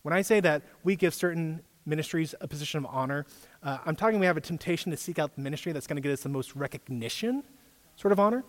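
A man's voice: on the high side, animated, fast, big-room sound. A man giving a casual sermon as a youth pastor, chatty, quizzing his listeners with questions. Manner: conversational, quizzes the audience. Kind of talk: casual preaching.

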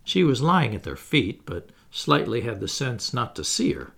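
A man reading a children's story aloud in a gentle, expressive narration. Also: medium pitch, normal speed, creaky. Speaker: audiobook narrator.

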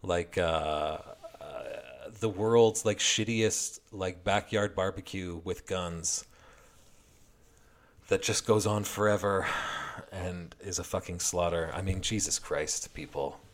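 A man's voice: deep voice, steady tone, slow pace. A man giving a heated, heavily profane and sarcastic political commentary rant.

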